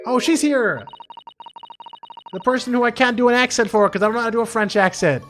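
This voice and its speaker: Casual streamer with faint music behind. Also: male voice, very high voice, brisk, pauses often, fairly bright tone. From Canada. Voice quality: casual, swearing, self-mocking. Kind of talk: gameplay commentary.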